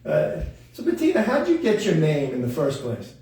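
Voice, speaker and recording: Chatty guy host rambling on, kinda high mellow voice, super echoey room, far from the mic. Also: wildly swooping pitch, fairly quick. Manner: chatty, self-deprecating, lots of fillers. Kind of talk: rambling comic monologue.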